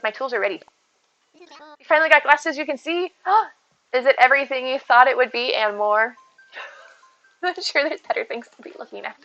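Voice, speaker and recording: A woman's voice: high-pitched, normal speed, pauses often, pushed and bright, soft background music. A woman live-streaming from home, chatting casually and upbeat with her viewers and thanking them as she plays. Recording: dull lo-fi stream audio.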